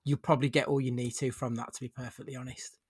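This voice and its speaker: A man's voice: mid-range voice, flat delivery, fast, a little mellow, slightly rough. A man hosting a casual film review podcast, blunt and wry, with the odd swear. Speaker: podcast host.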